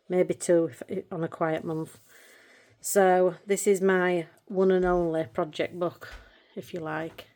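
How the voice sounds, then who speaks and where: A woman's voice: lowish voice, darkish tone. A middle-aged woman chatting casually about her colouring books. She gets emotional easily and laughs a lot. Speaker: colouring channel vlogger. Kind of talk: casual chat showing books.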